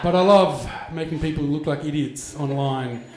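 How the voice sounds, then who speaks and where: A man's voice: on the high side, moderate pace, a little mellow, reverberant. A man, doing stand-up comedy and telling a crude story with mock voices. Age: 40s. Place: stage in a venue with an audience.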